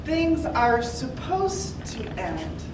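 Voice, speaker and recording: A middle-aged woman with a high voice gives an impromptu contest speech, heartfelt and choked up at times. She is picked up from far off in an echoey meeting hall, with steady background noise. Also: drawn-out words.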